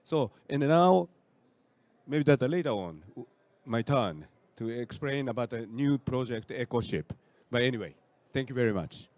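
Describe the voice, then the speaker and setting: An older man from Japan with a Japanese accent, introducing himself on an online panel in halting, simple phrasing with many fillers. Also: medium pitch, animated, a little mellow, dry recording. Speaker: panelist, founder of a nonprofit.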